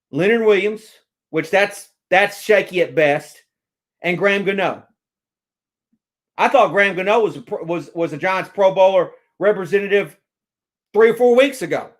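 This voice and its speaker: Man, very high-pitched, excitable, rambling, stammering, sports fan rant. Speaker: sports vlogger. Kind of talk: casual fan rant to camera.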